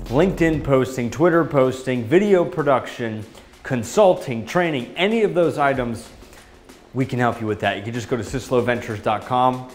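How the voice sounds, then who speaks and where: A man talking straight to camera on a beach in a punchy, emphatic vlog style, pitching marketing advice in short, hyped lines. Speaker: marketing vlogger. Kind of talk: casual vlog talk to camera. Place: outdoors on a beach.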